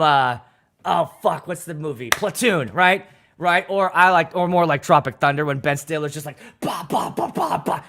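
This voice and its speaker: A man who works as a wedding DJ, telling a story on a livestream in a loose, profane, dramatic way. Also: sits high. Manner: animated, profane, dramatic retelling.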